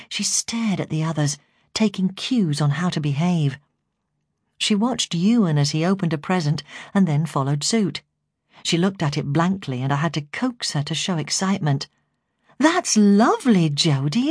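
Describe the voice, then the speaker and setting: Low-voiced woman reading a memoir. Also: no room sound, clean studio sound. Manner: steady, measured storytelling. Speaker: foster carer and memoir narrator. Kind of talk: audiobook memoir narration.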